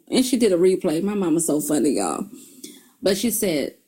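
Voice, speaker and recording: Middle-aged woman host giving upbeat self-help advice to viewers, quick to laugh. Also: medium pitch, slightly rough. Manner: animated storyteller, laughs often, addresses viewers as y'all. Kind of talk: motivational talk.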